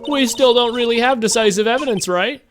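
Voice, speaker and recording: A man voicing an eager young female assistant in a high voice. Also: fairly quick. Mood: worried. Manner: high, bright delivery. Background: game music.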